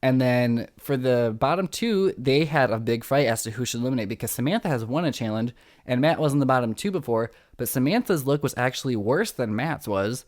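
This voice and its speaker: Excitable young man recapping reality TV. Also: medium pitch, brisk. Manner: excitable, dramatic, acts out quotes. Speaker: podcast host.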